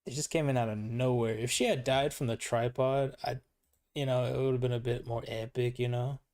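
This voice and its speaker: Gravelly laid-back young man. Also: medium pitch, steady tone, a little fast, a little mellow. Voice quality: gravelly, like a chain smoker. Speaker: gaming channel host. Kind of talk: casual chat while reviewing gameplay footage.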